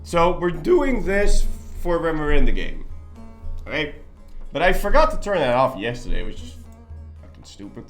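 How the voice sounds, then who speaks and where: A man's voice: on the high side, big pitch swings, normal speed, a bit bright, faint music behind. A young man casually chatting while live-streaming a strategy game, rambling and joking and swearing freely.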